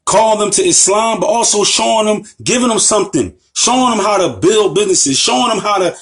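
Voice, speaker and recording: A man from the United States lectures as an Islamic teacher, with a voice that sits somewhat high for a man. He drives his points home by repeating phrases and firing rhetorical questions at his audience. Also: a little fast. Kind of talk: impassioned lecture.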